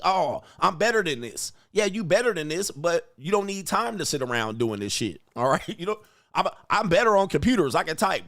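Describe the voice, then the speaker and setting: A man's voice: on the high side, a bit bright, dry recording, studio quality. A man hosting a livestream, reading viewer donations aloud between blunt, crude rants. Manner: reads viewer messages aloud. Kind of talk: casual livestream rant.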